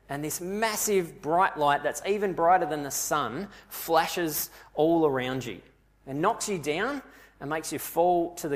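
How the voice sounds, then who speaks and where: Man preaching a vivid, questioning sermon. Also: on the high side. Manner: vivid storytelling with rhetorical questions.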